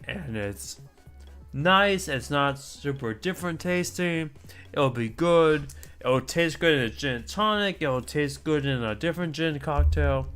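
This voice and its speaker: A man's voice: fairly high pitch, fairly bright tone, clear, resonant tone. A man streaming a casual chat, talking in a rambling, chatty way with asides and mild swearing.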